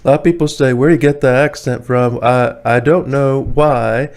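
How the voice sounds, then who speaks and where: Man with a Tidewater Virginia accent and an average-pitched voice, talking casually and rambling in a home vlog. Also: steady tone, normal speed. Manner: chatty, rambling, many fillers, chuckles often. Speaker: vlogger. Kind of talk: casual opinionated monologue. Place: indoors, warm room.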